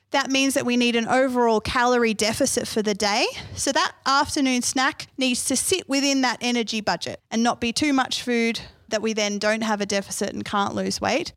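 An Australian woman with a somewhat high voice runs a live healthy-eating workshop. She talks in a loose, chatty way and keeps tossing questions out to the audience. Her voice is close and dry. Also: no room sound.

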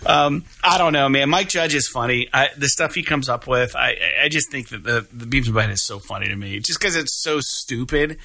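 A man's voice: mid-range voice, brisk, gravelly, hardly any pauses, bright, forceful tone, no room sound. A man hosting a casual podcast, retelling a cartoon episode in a loose, profane, laughing way. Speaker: podcast host.

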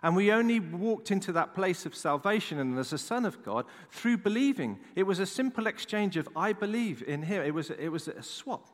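A man's voice: sits high, very animated, moderate pace, few pauses. A male pastor preaching a sermon, telling a story with candid, chatty asides to the audience. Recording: echoey hall reverb.

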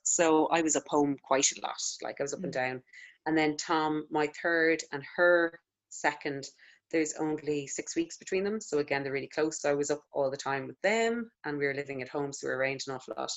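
A woman in her thirties with an Irish accent, a lactation consultant chatting casually as an interview guest. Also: low voice. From Ireland. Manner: chatty, filler-heavy storytelling with frequent "like".

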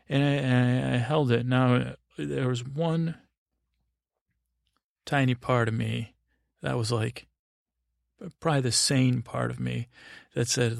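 A man's voice: mid-range voice, little pitch movement, unhurried, gravelly, dry recording, studio quality. A middle-aged man hosting a podcast, telling a meandering bedtime story full of fillers and restarts. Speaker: podcast host.

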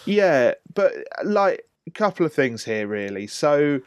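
A man's voice: fairly high pitch, sing-song, measured pace, smooth, no room sound, clean studio sound. A man hosting a casual film podcast, jokey and incredulous, leaning hard on his points. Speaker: podcast host.

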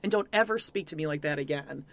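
A young woman co-hosting a casual podcast chat, animated and profane as she recaps a show. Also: deep voice, fast talker, crowd noise. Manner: animated, profane, acts out quotes. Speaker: podcast co-host.

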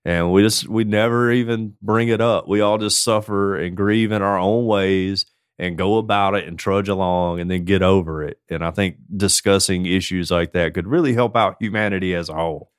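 Low smooth-voiced joking man. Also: normal speed, no echo, clean studio sound. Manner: joking, animated storyteller. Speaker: podcast co-host; foster parent. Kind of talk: casual chat.

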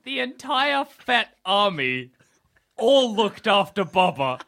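A man's voice: high-pitched, sing-song, slow pace, sharp tone. A man co-hosting a podcast, asking curious questions and giggling. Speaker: podcast co-host. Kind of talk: casual chat.

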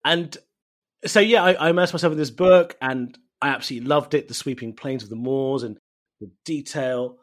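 A man from East London, a native Bengali speaker, telling animated, self-mocking stories as a guest in a casual interview. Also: medium pitch, normal speed. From East London, England. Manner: animated storytelling, laughs often, self-mocking.

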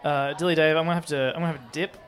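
A man, a rapper guest, talking in an energetic, excitable way on a live podcast. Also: on the high side, very fast. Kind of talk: casual live podcast chat.

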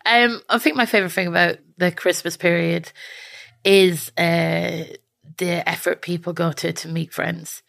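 An Irish woman speaks in a low, gravelly voice in a casual recorded message. She is chatty and self-mocking, with dry sarcasm, and the recording sounds dry and close. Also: steady tone, measured pace, fairly bright tone, no room sound. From Ireland. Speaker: guest.

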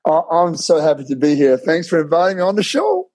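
A man from London with a London accent mixed with Australian, telling his life story as a guest on an interview show over a remote call, relaxed and laughing often. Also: a little high, a little fast, no echo, rough recording. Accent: London English mixed with Australian. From London, England. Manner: relaxed, laughs often, many fillers and restarts. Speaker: guest author. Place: home in Bali, remote call.

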